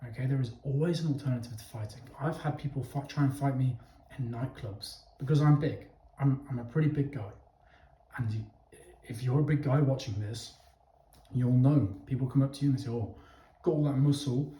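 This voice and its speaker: A man's voice: mid-range voice, brisk, dark tone, recorded from a distance. A man talking frankly and casually to his viewers, repeating phrases and restarting as he goes. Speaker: channel host. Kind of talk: casual talk to camera. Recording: roomy sound from away from the mic.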